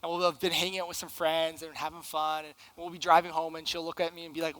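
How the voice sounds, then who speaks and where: High-voiced man preaching a sermon. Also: flat delivery, fast talker, few pauses, sharp tone, a little hiss or hum, rough recording. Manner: earnest, emphatic preaching with rhetorical questions. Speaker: young adults pastor.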